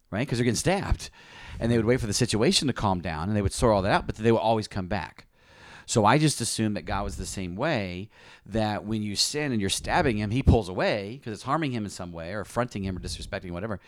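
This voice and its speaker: A man with a fairly low voice tells his story as a pastor, earnest and openly confessional. The sound is dry and close, with no room around it. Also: no echo. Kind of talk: personal testimony in conversation.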